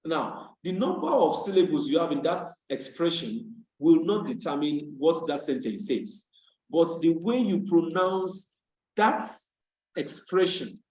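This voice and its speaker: A man's voice: on the high side, very animated, a little slow, darkish tone, echoey room, poor audio. A man from Nigeria teaching an English lesson over a video call, patiently explaining and repeating key words for emphasis. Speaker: English tutor.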